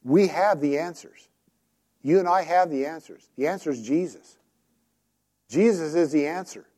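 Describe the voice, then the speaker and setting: A man's voice: a little high, normal speed, warm tone. A man preaching a sermon in a conversational, storytelling way, often asking his listeners direct questions.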